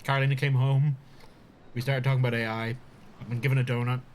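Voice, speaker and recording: A man's voice: mid-range voice, level tone, fast, a little mellow, a little hiss or hum. A man chatting casually on a live stream, talking with his mouth full and laughing often.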